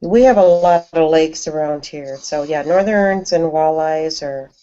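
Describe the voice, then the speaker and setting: Chatty woman from Minnesota, low voice. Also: measured pace, mellow. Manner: chatty, many "you know" fillers. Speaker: panel guest. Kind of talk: casual chat. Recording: dull lo-fi online call audio.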